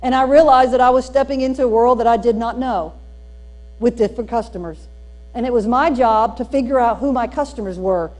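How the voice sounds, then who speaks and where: A woman with a Southern US accent giving a storytelling keynote at a teacher training, folksy and animated with emphatic punchlines. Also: on the high side, fairly quick. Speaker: speaker at a teacher training day. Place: church hall used for a school district training.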